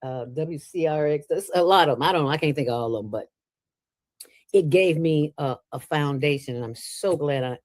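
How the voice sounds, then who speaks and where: A woman as an interview guest, talking in a playful, preachy way with sudden jumps in pitch. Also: moderate pace, darkish tone, no echo. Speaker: interview guest, nonprofit founder. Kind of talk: casual interview talk.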